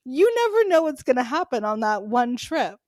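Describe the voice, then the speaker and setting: A woman co-hosting a podcast in casual chat, animated and laughing as she rants. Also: sits high, normal speed, no echo. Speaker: podcast co-host.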